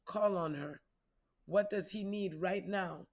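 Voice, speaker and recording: A woman's voice: lowish voice, slow, a little mellow. A woman giving a casual spiritual reading, profane, playful and preachy. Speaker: spiritual reader.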